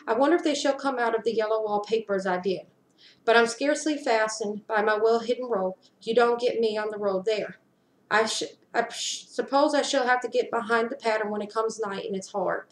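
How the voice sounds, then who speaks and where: A woman giving an intense dramatic reading of a story, slowing down for emphasis, recorded on a webcam at home. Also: a little high. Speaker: reader. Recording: roomy echo.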